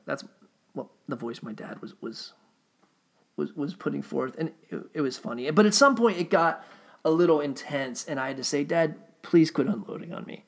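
Creaky-voiced man rambling casually. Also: on the high side, expressive, moderate pace. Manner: rambling and profane, with frequent restarts.

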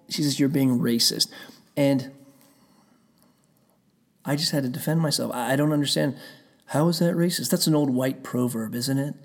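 Gravelly man ranting in a rambling way. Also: mid-range voice. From Pennsylvania. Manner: heated, rambling, profane storytelling. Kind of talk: casual rant.

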